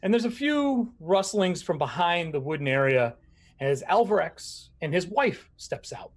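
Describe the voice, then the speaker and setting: A man narrating as game master of a tabletop game, animated and laughing often. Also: high-pitched, unhurried.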